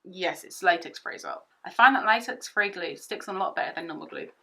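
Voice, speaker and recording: A young woman chatting through a makeup tutorial at home, excitable and rambling, often repeating herself. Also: on the low side, fairly quick, vocal fry. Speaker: beauty vlogger.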